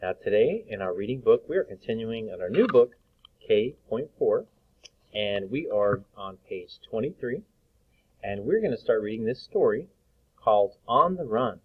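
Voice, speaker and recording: A male teacher leading a reading lesson for young children, slowly sounding out vowels and words. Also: fairly low pitch, animated, breathy edge. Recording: phone-like lo-fi sound.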